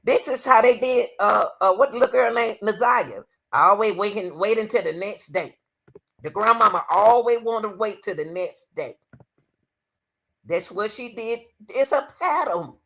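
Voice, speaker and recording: In her livestream commentary on a court case, a woman speaks emphatically, calls viewers "y'all" and frequently invokes the Lord. Her medium-pitched voice is fairly bright, with lively intonation at a moderate pace.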